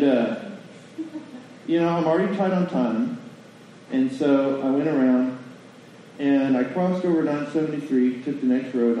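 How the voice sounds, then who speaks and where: A man's voice: fairly high pitch, warm tone, a little hiss or hum. Guy preaching a sermon, folksy, lots of questions to the crowd, super echoey church, far off mic. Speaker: pastor. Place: church sanctuary. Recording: distant mic in a very echoey hall, lo-fi.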